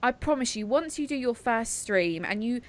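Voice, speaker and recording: A woman's voice: fairly high pitch, lively intonation, normal speed. A woman co-hosting a podcast in casual chat, chatty and encouraging, with frequent fillers. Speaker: podcast co-host.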